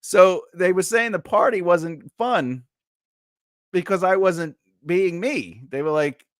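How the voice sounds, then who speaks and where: Speaking slowly in a high voice, a regular co-host chats on a live stream, animatedly acting out the characters in a story that mocks himself. The recording is dry and studio quality.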